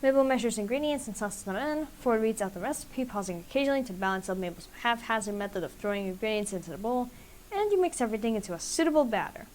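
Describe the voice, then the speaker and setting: A woman's voice: a little high, expressive, fast talker, a little mellow, a little hiss or hum. Casual woman reading a dating game. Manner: casual, chatty narration with laughs and asides. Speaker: streamer.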